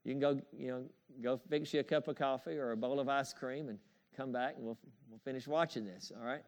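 A man's voice: medium pitch, fairly quick. A man preaching a sermon in an emphatic, repetitive style, calling for amens and chuckling as he goes. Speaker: pastor.

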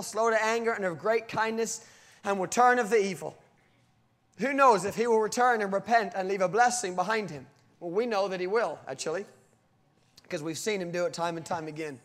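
In his sermon, the man alternates between storytelling and scripture reading. At times he swells into drawn-out, loud cries; at others he falls quiet and low.

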